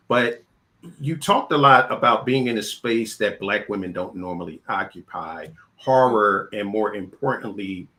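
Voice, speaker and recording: A man's voice: lowish voice, bright, forceful tone. A man hosting a film interview, chatting casually and telling stories, often repeating words as he starts a sentence. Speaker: interview host.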